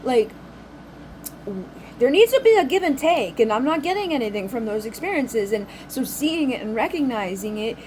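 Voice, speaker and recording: A woman with a somewhat high voice talks off the cuff to her audience of reading clients. She rambles, swears without pause and restarts her sentences over and over. A faint background hiss sits under the recording. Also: sing-song, a little mellow, poor audio. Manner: rambling, frank, swears freely, many fillers and restarts. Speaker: spiritual reader and channel host. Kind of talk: casual unscripted monologue.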